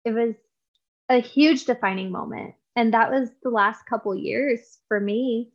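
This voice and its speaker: Woman, interview guest, fairly high voice, earnest and heartfelt, muffled lo-fi audio. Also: measured pace. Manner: earnest and heartfelt, with frequent restarts. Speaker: podcast guest. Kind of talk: conversational interview.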